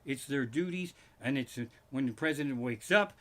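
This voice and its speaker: A man's voice: medium pitch, normal speed. A man doing a rambling, profane comedy monologue on a live stream from his living room. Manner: rambling, swearing, restarts and asides. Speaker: stand-up comic streaming live. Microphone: live stream microphone.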